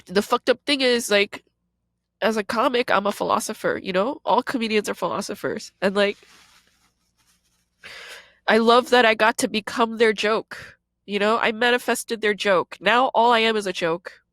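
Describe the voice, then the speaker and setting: A woman's voice: on the high side, normal speed, a bit bright, dry recording. A woman in her thirties, a podcast host and comedian, giving a raw confessional monologue in a blunt, profane way.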